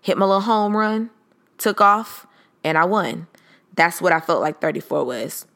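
30s woman podcaster, casual and reflective, lowish voice, chatty. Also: animated, normal speed, a bit bright. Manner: chatty, reflective, mimics her own inner voice. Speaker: podcast host. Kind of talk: casual solo podcast talk.

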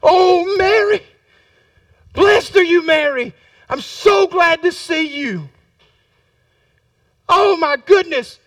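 A man's voice: extremely high pitch, expressive, slow pace, long pauses, fairly bright tone, dry recording, studio quality, recorded from a distance, pitched above the performer's own voice, heavily acted. A man voicing an overjoyed older woman greeting her cousin, gushing breathlessly.

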